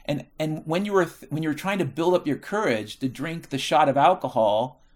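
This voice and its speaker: A man's voice: on the high side, moderate pace. Middle-aged man, American, casual monologue; swears freely, wanders, corrects himself mid-sentence. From United States. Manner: profane, rambling, self-correcting.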